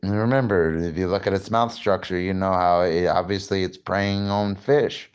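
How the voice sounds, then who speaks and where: Tipsy dude cursing a lot, low voice, cracks himself up going on about fish. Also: male voice, steady tone, normal speed, smooth. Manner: profane, boastful, laughs at himself. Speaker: fishing vlogger. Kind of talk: casual rambling monologue.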